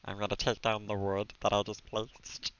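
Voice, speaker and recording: A man's voice: fairly low pitch, monotone, moderate pace, heavy background noise. A man streaming a game from a room at home, chatting casually and giggling as he talks to his viewers and his pet. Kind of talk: casual live-stream gameplay commentary. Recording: slightly dull stream mic audio.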